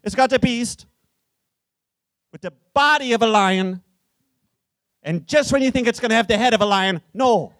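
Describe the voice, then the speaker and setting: A man's voice: very high voice, moderate pace, pauses often, a bit bright, no room sound. A man playing a jovial, boastful old Irish poet with an Irish accent, on a live comedy stage, swinging between cheeky bragging and ponderous recitation. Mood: boisterous, ranting. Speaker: guest. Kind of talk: live comedic character performance.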